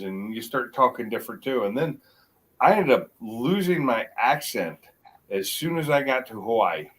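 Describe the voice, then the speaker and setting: A middle-aged man with a mixed American accent, chatting casually as a guest on a livestream and rambling with halting restarts. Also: medium pitch, poor audio. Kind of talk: casual chat.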